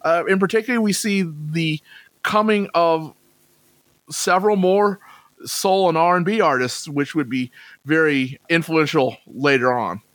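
A man with a fairly high voice hosts a music podcast, measured and laid-back. The sound is dry and close. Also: fairly bright tone, dry recording. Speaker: podcast host. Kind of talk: casual music podcast intro.

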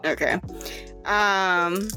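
A woman's voice: medium pitch, fairly even intonation, very slow, music in the background. Chatty woman running a tabletop game. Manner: chatty, with many fillers and restarts. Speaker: game master.

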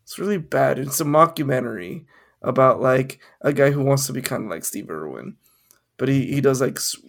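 A man's voice: medium pitch, expressive, normal speed, creaky. A young man co-hosting a podcast, rambling and swearing casually as he riffs on ideas and laughs at his own jokes. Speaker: podcast co-host. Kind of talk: casual chat.

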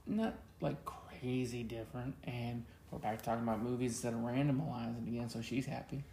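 A man's voice: medium pitch, steady tone, brisk, creaky, mellow. A man co-hosting a casual chat, joking and teasing as he talks. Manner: joking, teasing, Southern "y'all". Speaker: podcast co-host. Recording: echoey room with faint noise.

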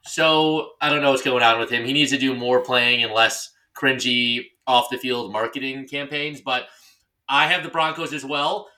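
A man's voice: mid-range voice, moderate pace, pushed and bright. A man co-hosting a podcast in casual chat, joking and ranting. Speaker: podcast co-host.

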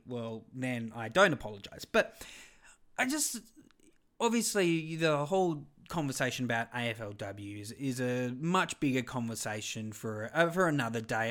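A man's voice: mid-range voice, fairly bright tone. Aussie guy in his 30s riffing on his podcast, goes off on tangents, pokes fun at himself. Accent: Australian. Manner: rambling, self-deprecating, digressive. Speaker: podcast host. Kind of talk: solo podcast monologue.

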